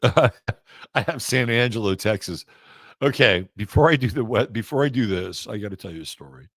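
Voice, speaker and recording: Male show host, deep voice, dry close sound, loose unscripted delivery with frequent pauses and restarts. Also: animated, a bit bright, dry recording. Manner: halting, many fillers and restarts. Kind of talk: casual spoken monologue.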